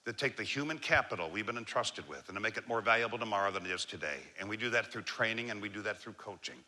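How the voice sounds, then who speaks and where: Guy doing a motivational leadership talk to a crowd, super bright sharp voice, goes loud then drops low and slow. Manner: animated, swings between loud emphasis and low slow calm. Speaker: leadership speaker. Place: before a live audience.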